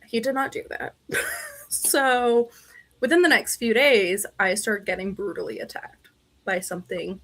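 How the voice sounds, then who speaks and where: A woman co-hosting a talk show, telling a personal story in a casual, expressive way and often laughing. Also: medium pitch, a little slow. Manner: animated, expressive, laughs often, quotes people. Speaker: podcast co-host.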